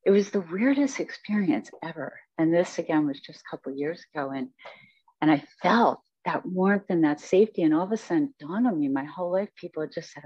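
A woman's voice: deep voice, animated, fairly quick, a little mellow, breathy edge, dry recording. A woman guest speaking in an interview, telling her life story in a reflective, rambling way with many fillers. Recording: dull, dry sound.

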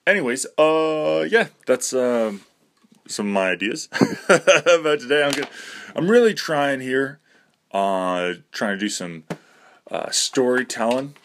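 A man's voice: medium pitch, expressive, takes it slowly, fairly bright tone. A young man rambling to camera in a self-mocking way, swearing casually and breaking into nervous laughter. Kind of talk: rambling monologue.

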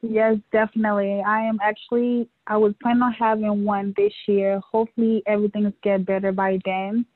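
Speaking over a tinny phone line, this New York fashion show organizer chats as an interview guest, storytelling with animation and frequent laughter. Her mid-range voice moves briskly with hardly any pauses, and there's no echo.

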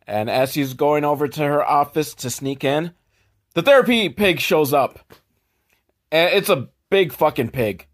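A man hosting a comedy podcast, sarcastically recapping a film with profanity and quick mock voices for the characters. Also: on the high side.

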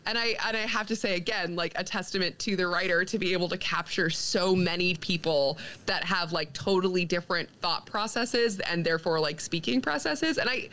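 A woman's voice: lowish voice, fairly quick, hardly any pauses, pushed and bright. A woman co-hosting a podcast, chatting casually and laughing often, with many fillers and restarts. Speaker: podcast co-host. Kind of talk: casual chat about comics.

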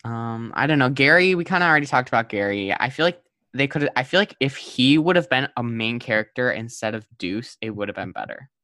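A young man hosting a podcast, talking casually and loosely. He fills his sentences with "like" and hedges his opinions. His pitch sits in a middle range for a man. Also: expressive, fairly quick, hardly any pauses, sharp tone, no echo. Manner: chatty, filler-heavy, hedging with "like". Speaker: podcast host. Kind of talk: casual chat.

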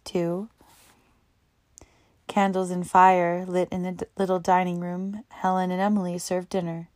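A woman reading a novel aloud as narrator, in a steady, even way. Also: lowish voice, no room sound, studio quality. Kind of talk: audiobook narration.

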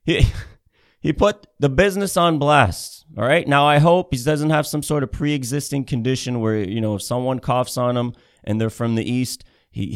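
A man doing a comedic rant, sarcastic and swearing heavily, repeating himself as he builds up steam. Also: mid-range voice. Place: Ontario, Canada.

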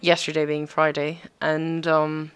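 A young woman chatting casually as a vlog co-host, giggly and animated as she tells stories. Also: deep voice, measured pace, smooth. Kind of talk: casual chat.

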